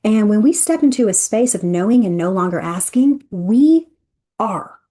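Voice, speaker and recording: Speaking at a normal speed with a medium pitch, a woman guides an interactive energy workshop, chatty and expressive as she addresses her listeners directly.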